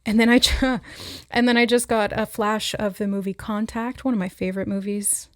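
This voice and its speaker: A woman giving a spontaneous spiritual reading, musing aloud with hesitant pauses as she relays what she senses. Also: mid-range voice, level tone, no room sound, studio quality. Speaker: intuitive oracle reader.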